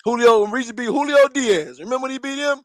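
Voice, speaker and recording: A man's voice: extremely high pitch, fast talker, no room sound. A man co-hosting a boxing podcast, joking and laughing in casual banter. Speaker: co-host. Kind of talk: casual chat.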